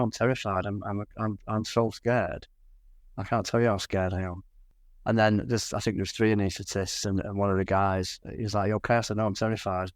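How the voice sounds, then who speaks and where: A man's voice: medium pitch, no echo, studio quality. Candid Cornish man telling his story. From England. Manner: candid, frequent restarts and quoted dialogue. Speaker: guest. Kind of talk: conversational storytelling.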